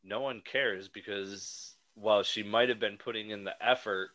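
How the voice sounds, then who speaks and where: A man co-hosting a podcast, talking in an animated, rambling way with frequent restarts. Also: on the low side, moderate pace. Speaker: podcast co-host. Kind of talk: casual chat.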